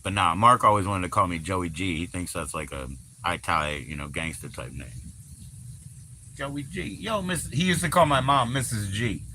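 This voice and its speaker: A man's voice: low voice, expressive, moderate pace, bright, forceful tone, a little hiss or hum. A man hosting a livestream, chatting loosely with lots of swearing, fillers and laughter. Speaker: livestream host. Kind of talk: casual rambling livestream chat.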